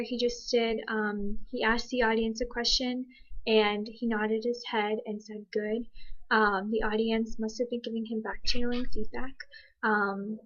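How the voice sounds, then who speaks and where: A woman giving thoughtful, hesitant commentary on a signed video, pausing often with ums. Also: fairly high pitch, lo-fi sound. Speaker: interpreting student.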